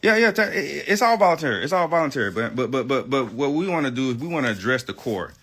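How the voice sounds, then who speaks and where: Forceful, emphatic man ranting on livestream. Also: medium pitch, very animated, quick pace, slightly rough. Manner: emphatic and profane, repeats phrases for stress; defiant, self-assured. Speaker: livestream guest. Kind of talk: heated livestream rant.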